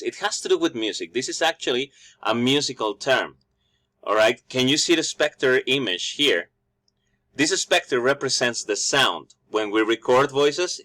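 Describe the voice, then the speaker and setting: A man's voice: mid-range voice, sharp tone. A man, a native Spanish speaker with a Mexican Spanish accent, gives an online English lecture over slides, explaining step by step, restarting words and checking in with "right?" and "okay?". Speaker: English teacher.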